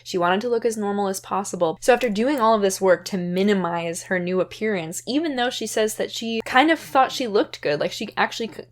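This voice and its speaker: A woman's voice: medium pitch, fairly quick, hardly any pauses. A young woman hosting a podcast, casually recapping a novel in a chatty, conversational way. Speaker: podcast host.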